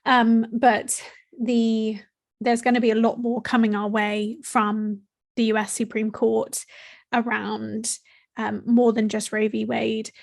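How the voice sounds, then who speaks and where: Breathless woman co-host with a gravelly edge. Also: on the high side, completely flat delivery. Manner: enthusiastic, quick to agree and build on points. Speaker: podcast co-host. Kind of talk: casual discussion.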